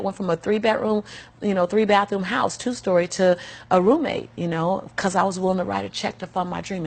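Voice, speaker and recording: A woman's voice: lowish voice, gravelly. A middle-aged woman telling her life story as an interview guest, emphatic and preacherly, often breaking into laughter. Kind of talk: animated personal storytelling.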